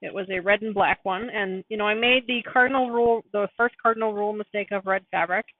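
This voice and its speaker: A woman's voice: mid-range voice, fairly even intonation, fast talker, no echo. A woman hosting a live quilting stream in a chatty, apologetic way, laughing often as she talks. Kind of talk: casual live-stream sewing chat. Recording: dry, phone-like narrow sound.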